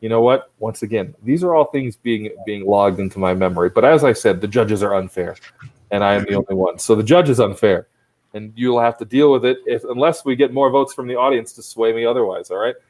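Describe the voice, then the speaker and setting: A man's voice: on the low side, brisk, a little mellow, rough recording. A man hosting and judging an online improv competition from home over a laptop, chatting loosely, rambling and teasing the players with mock-strict rulings. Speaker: improv show host and judge. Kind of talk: casual comedic emceeing.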